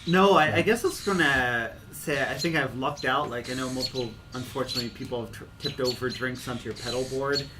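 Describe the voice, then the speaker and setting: A man's voice: medium pitch, a little fast, hardly any pauses, noisy background. A man, a band member, talking in an easygoing casual chat.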